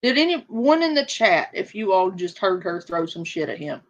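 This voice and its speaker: A woman's voice: mid-range voice, sing-song, moderate pace, lo-fi sound. A woman reacting to clips for a chat audience, sarcastic and incredulous. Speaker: reaction commentator. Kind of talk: casual reaction commentary.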